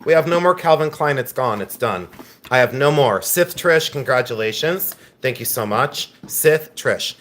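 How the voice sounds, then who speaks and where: A man running a live online auction, chatting and joking with viewers by name while pitching each item with breezy enthusiasm. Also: lively intonation, normal speed, fairly bright tone. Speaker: live-stream auction seller.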